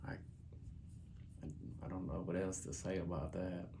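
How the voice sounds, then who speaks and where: A man speaks slowly in a casual sit-down, pausing between phrases. His voice is very deep, and the tone is thankful. Faint noise sits behind him. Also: level tone, creaky, dark tone. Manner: slow, halting, thankful. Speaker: husband, the patient.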